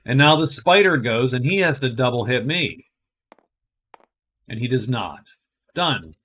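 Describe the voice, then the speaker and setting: A man's voice: medium pitch, animated, measured pace, a bit bright. A man narrating a solo board game playthrough, thinking aloud and explaining each move step by step.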